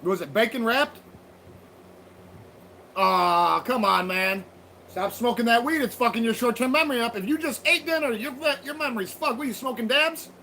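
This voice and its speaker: A man chats with viewers on his livestream in a loose, profane, joking way. His voice sits high, and he speaks into a phone or tablet at home. A faint hiss runs underneath. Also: moderate pace, vocal fry, sharp tone, rough recording. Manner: loose, profane, laughing banter. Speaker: livestream host. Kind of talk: casual livestream chat with viewers.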